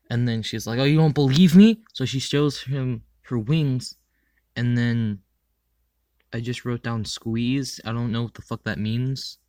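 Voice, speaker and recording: A young man casually reviewing an animated show in a crude, rambling way, full of ums and swearing. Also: mid-range voice, dry recording. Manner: rambling, crude, filler-heavy with frequent ums. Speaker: anime reviewer.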